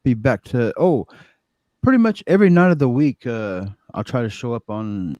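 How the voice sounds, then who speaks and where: A man casually lists his upcoming shows, easygoing with some hesitation. His tone is mellow and dark, recorded close and dry. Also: medium pitch, lively intonation, moderate pace, no echo, muffled recording. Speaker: guest podcaster. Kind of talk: casual chat, plugging shows.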